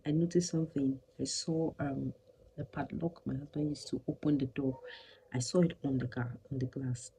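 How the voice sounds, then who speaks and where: A woman's voice: deep voice, warm tone, slight background noise, rough recording. A woman, telling a personal story animatedly and slipping into whispers for emphasis. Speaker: vlogger.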